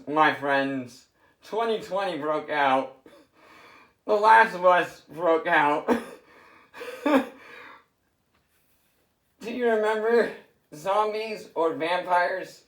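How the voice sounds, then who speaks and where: A man with a high voice talks in an unhurried, rambling way, cracking jokes and laughing at himself. He repeats lines for effect. The sound carries the echo of a roomy space. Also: expressive, fairly bright tone. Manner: joking, laughing, repetitive. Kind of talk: casual rambling monologue.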